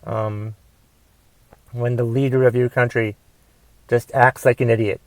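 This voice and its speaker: A young man hosting a comedy podcast, delivering a profane solo rant that swings between shouting and mumbled asides. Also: medium pitch, little pitch movement, a little slow, no echo. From United States. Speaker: podcast host and stand-up comedian.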